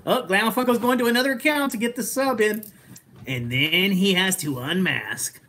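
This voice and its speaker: A woman's voice: medium pitch, moderate pace, a bit bright, slight background noise. A woman co-hosting a toy-hunting livestream from her collection room, joking with a co-host and reading chat with lots of laughter. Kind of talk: casual livestream banter.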